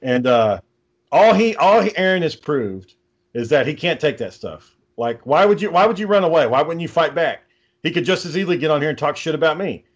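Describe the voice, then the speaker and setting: A man's voice: fairly high pitch, expressive, brisk, dull audio. A man co-hosting a podcast, talking in a rambling, profane, casual way and reading out text messages. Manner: profane, rambling, reads out texts. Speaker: podcast co-host.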